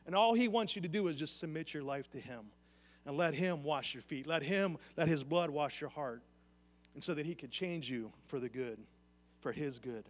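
A high-pitched male pastor delivers an earnest sermon and keeps turning to the congregation with direct questions. His voice rings out through the long echo of a church hall. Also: moderate pace. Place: church sanctuary.

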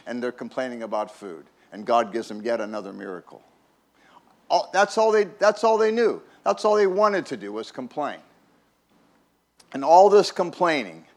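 Guy pastor giving a laid-back sermon, ordinary pitch, repeats himself, keeps saying right?. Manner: folksy, restarts words, asks "right?". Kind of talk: conversational sermon.

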